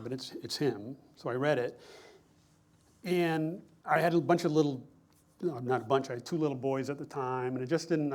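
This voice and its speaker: Middle-aged male speaker; chatty, self-correcting lecture anecdotes, midrange pitch. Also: darkish tone. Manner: conversational, self-correcting, amused. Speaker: screenwriter giving a lecture.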